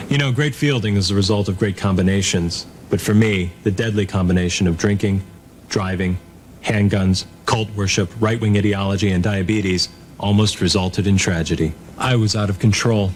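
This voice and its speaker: A man delivering a spoof public service ad in a sincere, deadpan spokesman voice. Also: on the low side, moderate pace, slight background noise. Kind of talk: earnest spokesman read.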